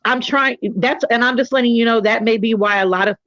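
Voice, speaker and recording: A woman's voice: a little high, brisk, fairly bright tone, dry recording, lo-fi sound. A middle-aged woman from California hosting a casual chat, telling candid stories with joking asides. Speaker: host.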